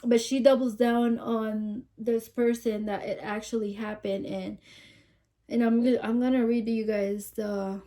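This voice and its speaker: A woman's voice: fairly high pitch, little pitch movement, measured pace, warm tone. A woman hosting a casual commentary channel, musing aloud and asking rhetorical questions.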